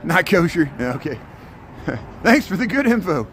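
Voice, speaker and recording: With a fairly bright voice on the high side, a livestream walking tour host chats in a very animated way at normal speed as he rambles down a city street. Faint street and traffic sounds can be heard in the background.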